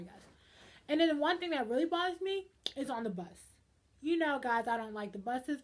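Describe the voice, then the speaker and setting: A young woman ranting in a casual vlog, dramatic and animated, swinging between loud outbursts and hushed asides. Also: high voice. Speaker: vlogger.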